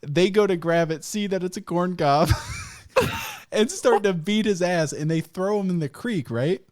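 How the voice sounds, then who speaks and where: A man hosting a podcast, telling stories in casual chat, animated, swearing and laughing often. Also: sits high, a little slow, dry recording, studio quality. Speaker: podcast host.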